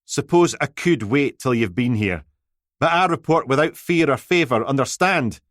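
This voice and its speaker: Man doing a smug sarcastic reporter guy in an audiobook, kinda higher voice, teasing, dry close mic. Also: expressive, normal speed, fairly bright tone, dry recording, lightly acted. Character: smug, needling male newspaper reporter.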